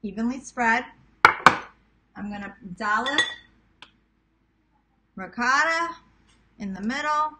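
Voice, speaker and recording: A woman in her thirties with a New York accent, from Queens, walks viewers through a recipe in her home kitchen for a casual cooking vlog. Her fairly high voice is unhurried, with long pauses, over a noisy background. She's chatty, self-teasing, and talks to the audience as "guys."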